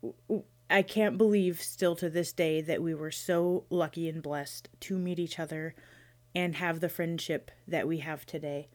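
A woman in her thirties hosts her own solo podcast, speaking in a low, steady voice at normal speed. Her chat is casual and playful, rambling with frequent restarts.

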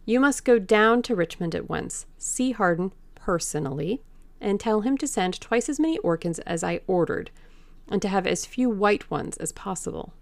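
A woman voicing a young Victorian gentleman who speaks in a raised, brisk and authoritative way, with a gravelly voice. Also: medium pitch, lively intonation, no room sound. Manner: soft pleading, then brisk and authoritative. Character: Dorian Gray, young Victorian gentleman, pleading then commanding.

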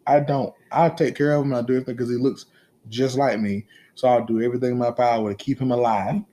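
A man in his thirties co-hosting a casual podcast chat, telling animated, teasing stories about his kids with plenty of profanity. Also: mid-range voice, fast talker. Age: 30s. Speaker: podcast co-host.

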